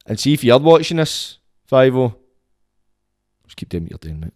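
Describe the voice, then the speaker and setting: A Scottish man hosting his own podcast in a crude, rambling comic monologue, full of swearing and sudden jumps between loud bursts and low mutters. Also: sing-song, moderate pace, no echo, studio quality. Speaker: podcast host.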